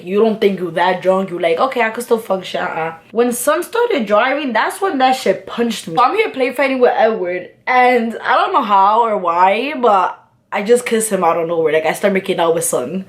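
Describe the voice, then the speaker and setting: A woman's voice: mid-range voice, lively intonation, normal speed. Slangy young woman. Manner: candid, slangy and profane, lots of fillers. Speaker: vlogger. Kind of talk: casual storytime while doing makeup.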